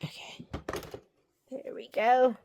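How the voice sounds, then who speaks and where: A woman's voice: slow pace, warm tone. A woman chatting viewers through a sewing project step by step, talking to them directly while she works. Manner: chatty, talks straight to viewers while working. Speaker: sewing and embroidery instructor. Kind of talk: casual step-by-step craft tutorial. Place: sewing room at a sewing shop. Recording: faint machine noise behind.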